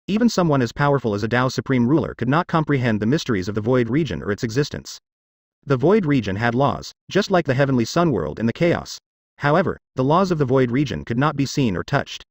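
A man narrating a fantasy webnovel as an audiobook in steady, expressive storytelling. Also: medium pitch, no echo, studio quality.

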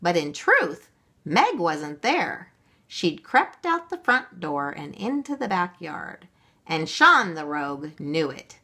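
Woman storyteller, expressive, slow, bright voice, children's story. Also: fairly low pitch. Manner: expressive, gentle. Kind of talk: read-aloud children's story.

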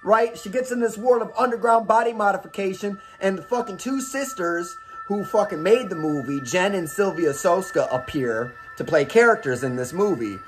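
A man's voice: sits high, lively intonation, normal speed, hardly any pauses, soft background music. A man hosting movie recommendations in a casual, profane, rambling comic rant, acting out scenes as he goes. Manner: rambling, swears a lot, acts out scenes.

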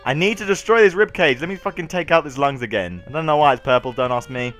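Young guy yelling at his game, swears a lot, high voice that jumps all over, faint music behind. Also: fast talker, few pauses. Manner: excitable, swearing, talks to the game. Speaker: gaming YouTuber. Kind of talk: gameplay commentary.

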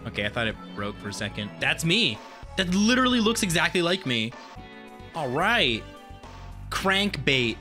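A game streamer giving casual let's-play commentary, excitable and quick to swear and yelp at sudden scares. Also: mid-range voice, soft background music. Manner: excitable, swears a lot, yelps at jump scares.

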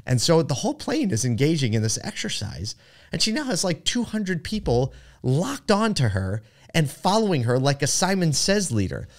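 A man's voice: fairly high pitch, very animated, moderate pace. A man hosting a podcast, telling a story in a chatty way with many fillers and asides. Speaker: podcast host. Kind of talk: casual storytelling monologue.

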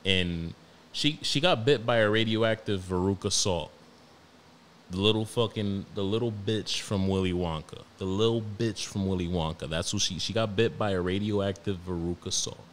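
A young man with a New York accent, hosting a podcast and telling stories about his toddler in a profane, animated, slangy way. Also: low-pitched, normal speed, slight background noise. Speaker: podcast host. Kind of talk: casual storytelling monologue.

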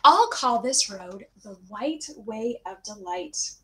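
A woman's voice: medium pitch, animated, slow pace, sharp tone. A woman voicing a dramatic, imaginative young orphan girl who gushes breathlessly. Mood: dreamy.

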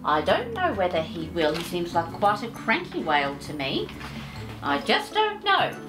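A woman's voice: on the low side, wildly swooping pitch, moderate pace, music in the background. A woman storyteller reading a picture book aloud, doting and chatty, fussing over her pet between pages. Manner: doting, sing-song and chatty.

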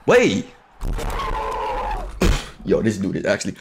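A young man live streaming, loudly talking to his chat with profane, hyped trash talk and frequent shouting. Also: low voice, huge pitch swings, slow pace, creaky, a little hiss or hum.

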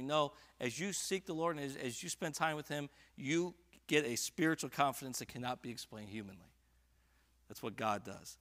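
A man with a high, bright voice preaches a sermon in a church. He drops to quiet, confessional tones, then rises to loud, fervent reading of scripture. His delivery is earnest and full of swings in volume. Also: animated, normal speed. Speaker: pastor. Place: church sanctuary.

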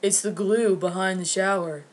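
A woman's voice: mid-range voice, steady tone, moderate pace, natural voice. A woman mimicking a dim, dismissive male contractor who asks obtuse questions.

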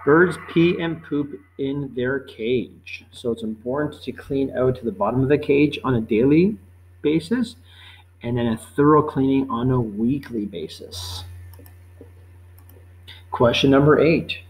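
A man teaching a life-skills quiz, reading each question slowly and patiently, then repeating it before giving the answer. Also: medium pitch, low-quality recording. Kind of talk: quiz lesson narration.

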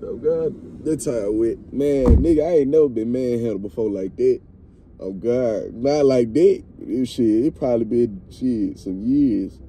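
A young man, telling a story to friends in a car in an animated, profane, laughing way. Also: mid-range voice, a little slow, a little hiss or hum. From Mississippi, US. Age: young adult. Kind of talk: casual storytime among friends.

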